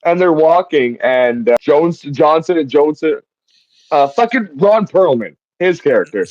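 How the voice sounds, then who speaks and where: A man's voice: fairly high pitch, unhurried, no echo, highs cut off. A man hosting a casual podcast film review, rambling and swearing, speaking through a headset mic. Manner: rambling, swears often, quotes lines in animated voices. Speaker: podcast host. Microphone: headset mic on headphones.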